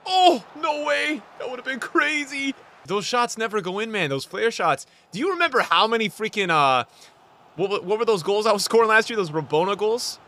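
A young man giving live commentary on a football video game as he plays, swinging from mumbled asides to loud outbursts. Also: high-pitched, lively intonation, normal speed. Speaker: gaming streamer.

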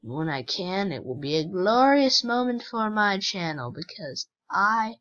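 Woman gamer host, unhurried, teasing chatter, lo-fi mic. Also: mid-range voice, big pitch swings, a bit bright. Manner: chatty, teasing other players. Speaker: gaming channel host. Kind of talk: casual game commentary.

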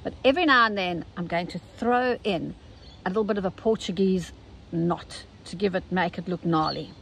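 A South African woman, older, talking casually and gently through an embroidery tutorial step by step. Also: lowish voice, normal speed, creaky, a little hiss or hum, rough recording. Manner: chatty, gentle step-by-step instruction. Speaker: embroidery teacher.

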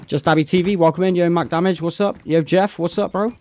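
A British man with a fairly high voice talks casually through a live game stream. He keeps up easy commentary and warmly names viewers as they arrive. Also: steady tone, fast. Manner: greets chat viewers by name between gameplay remarks. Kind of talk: casual live-stream chat while playing.

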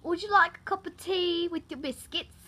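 A woman's voice: very high voice, normal speed, sharp tone, voice pushed up. A woman putting on a British accent as a prim hostess offering tea and wine. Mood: genteel. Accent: British, put on.

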